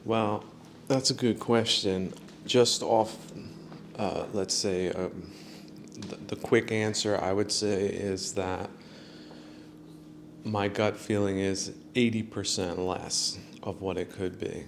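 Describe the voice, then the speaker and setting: A male podcast host talking on his own in an unhurried, rambling way. His voice sits low and has a gravelly fry, and he fills gaps with lots of ums and uhs. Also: steady tone, a little hiss or hum. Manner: rambling, many fillers, chuckles at own jokes. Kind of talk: solo podcast monologue.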